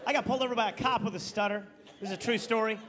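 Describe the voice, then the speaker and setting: A male stand-up comedian telling a true story on stage, quick and incredulous. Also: high voice, steady tone, fairly bright tone, some chatter behind. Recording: live audience, clear background noise.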